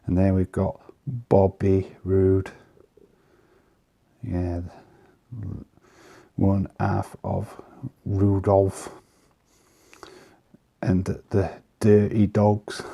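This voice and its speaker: Bloke chatting slowly about his cards, very dark gravelly voice, laid back. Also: deep voice. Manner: easygoing, chatty, with frequent pauses and "uh" fillers. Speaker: vlogger showing trading cards. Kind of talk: casual commentary.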